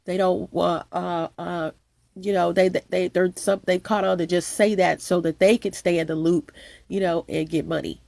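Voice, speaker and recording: Woman vlogger, stuffy nose, gravelly rambling monologue, dry close sound, emphatic and repetitive. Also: lowish voice, steady tone, normal speed, a little mellow, dry recording. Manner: repetitive, emphatic, with frequent restarts. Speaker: channel host.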